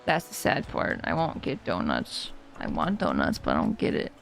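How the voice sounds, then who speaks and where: A woman's voice: extremely low pitch, huge pitch swings, normal speed, vocal fry, soft background music. A young adult woman streaming a video game, chatting casually and playfully with viewers. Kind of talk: casual gameplay commentary.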